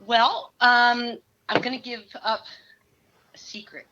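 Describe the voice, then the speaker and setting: Female caller from Pennsylvania, bright voice, dull lo-fi phone line. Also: on the high side, flat delivery, takes it slowly. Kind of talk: phone call-in chat.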